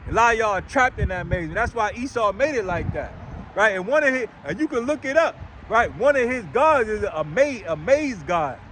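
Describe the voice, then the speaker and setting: A man preaching outdoors on a city street, blunt and rough-spoken, hammering each point with "right?" and "man". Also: sits high, lively intonation, normal speed, a bit bright, slight background noise.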